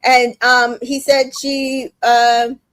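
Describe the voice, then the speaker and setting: A woman's voice: a little high, flat delivery, extremely slow, fairly bright tone, smooth, dry recording. A woman hosting a casual recap chat, retelling scenes with lots of swearing and filler words. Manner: retells scenes quoting people, swears freely, many fillers. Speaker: recap podcast host.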